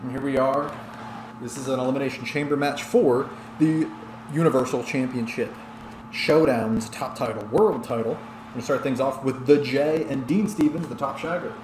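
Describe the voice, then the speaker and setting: A man's voice: mid-range voice, moderate pace, echoey room, noisy background. A tipsy man streaming and giving rambling play-by-play commentary on a wrestling video game, chatting back to his viewers.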